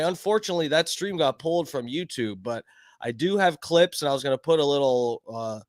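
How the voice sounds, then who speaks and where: A man hosting his own live stream, rambling casually with plenty of swearing and shout-outs to chatters by name. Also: fairly high pitch, no echo, studio quality. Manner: rambling, profane, greets chat by name. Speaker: livestream host.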